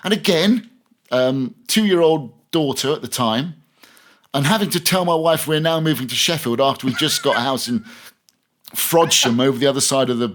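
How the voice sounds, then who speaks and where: A man's voice: medium pitch, a little fast, fairly bright tone. A man, a veteran radio presenter, telling anecdotes in a casual podcast interview, chatty and full of restarts. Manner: chatty anecdotal, many restarts, laughs through stories.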